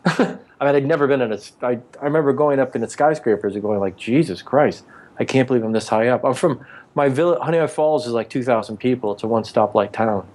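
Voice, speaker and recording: A man's voice: medium pitch, fairly quick, darkish tone. A man in his forties, an actor and author being interviewed, telling rambling anecdotes and acting out what people said. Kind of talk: casual interview storytelling.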